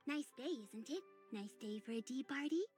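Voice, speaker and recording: Woman doing whimsical odd young hostess, rambling, jumpy pitch, slightly high voice, game voice acting. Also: moderate pace, a little mellow, soft background music, close to an everyday voice. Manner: dreamy, rambling, sudden leaps in pitch.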